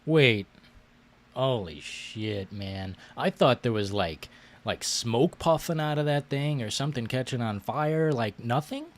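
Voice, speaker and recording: A man's voice: mid-range voice, lively intonation, a little slow. A male host of a casual chat show, laid-back and drawing out his exclamations.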